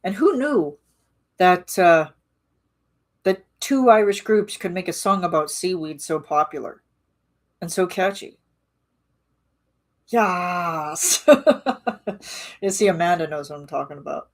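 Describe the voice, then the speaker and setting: A woman's voice: lowish voice, a little slow, long pauses. A woman rambling casually in a live-stream chat with her viewers, full of restarts and fillers. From Canada.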